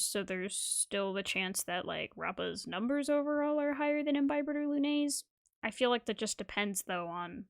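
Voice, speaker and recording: A woman's voice: on the high side, fairly bright tone. Woman in her 20s rambling about a game, giggly, desk mic. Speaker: gaming content creator. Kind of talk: casual reaction commentary.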